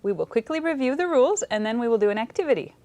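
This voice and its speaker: A woman's voice: a little high, expressive, very fast, mellow. A woman co-teaching a bilingual televised Spanish lesson, attentive, repeating and confirming words.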